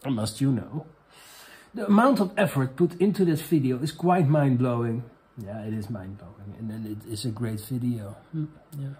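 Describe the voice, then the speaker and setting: Hosting a comedy vlog, this man, whose first language is Dutch and who has a Dutch accent, works through viewer questions with crude, meandering, hesitant delivery. He speaks in a mid-range, slightly mellow voice.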